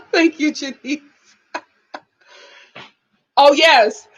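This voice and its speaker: A woman with a high voice and drawn-out words hosts a live review show. She's animated, laughs a lot and reads comments from the chat aloud while talking casually.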